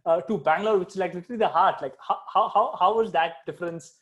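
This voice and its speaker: A podcast host in his thirties with a fairly high voice for a man. He asks his questions haltingly and repeats words as he searches for them. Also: fairly bright tone, muffled recording. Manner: hesitant, repeats words while asking. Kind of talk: interview conversation.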